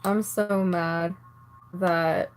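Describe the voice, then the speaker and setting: A woman's voice: fairly low pitch, fairly even intonation, very slow. Annoyed woman venting to camera. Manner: exasperated, swears a lot, filler-heavy; talks while doing her makeup. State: angry and annoyed. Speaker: vlogger. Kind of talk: casual rant to camera.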